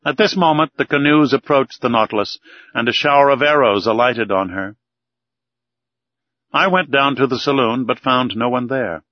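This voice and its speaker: A man narrating an audiobook in a steady, measured reading. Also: medium pitch. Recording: dull, dry recording.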